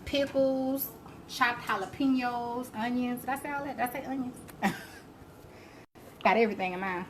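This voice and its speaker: A woman's voice: on the high side, moderate pace, long pauses. A woman hosting a live cooking stream, chatting and laughing as she answers viewer comments. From Alabama, US. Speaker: cooking show host. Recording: faint background noise.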